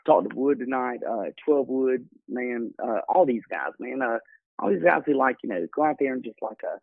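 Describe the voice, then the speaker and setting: A gravelly-voiced man calls in and rambles, leaning on fillers. His voice comes through a thin, dry phone line. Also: medium pitch, lively intonation, moderate pace, no echo. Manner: rambling, heavy fillers, swearing. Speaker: caller.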